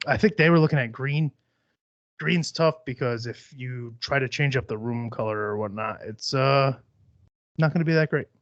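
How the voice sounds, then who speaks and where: A young man talks casually into a podcast mic, rambling and blunt, with plenty of swearing and stray fillers. His voice sits at a middling pitch. The sound is dry and a little dull. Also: moderate pace, no room sound. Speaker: podcast host.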